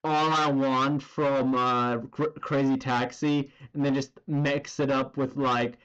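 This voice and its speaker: A man's voice: mid-range voice, little pitch movement, takes it slowly, fairly bright tone, clean tone, lo-fi sound. A man chatting casually on a drawing stream, rambling and swearing as he goes. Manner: rambling and profane, full of filler words.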